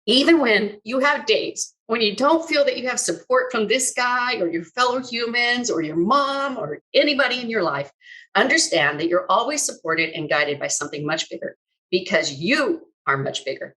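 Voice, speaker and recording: A woman's voice: on the high side, animated, normal speed, rough recording. A woman quoting a kind, coaxing old mentor. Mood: gentle, soothing. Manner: warm, coaxing, reassuring. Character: kind, upbeat older male mentor.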